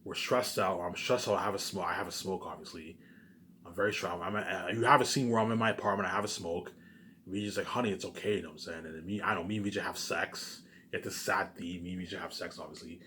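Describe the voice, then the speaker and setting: A man with a lowish voice rushes through his ideas at a quick clip. He keeps tripping into restarts, piles on the same catchphrases and swears loosely. It is a rambling, casual talk to the camera. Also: steady tone, bright, forceful tone, a little hiss or hum. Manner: repetitive, stumbling restarts, keeps saying "you know what I'm saying" and "obviously". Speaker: vlogger pitching his movie ideas.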